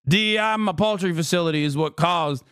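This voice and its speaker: A man's voice: sits high, a little fast, fairly bright tone, clear, resonant tone, no echo, studio quality. A man voicing a mocking caricature of a dim, aggressive male voter who loves tariffs, in a dopey, slurred way. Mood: belligerent.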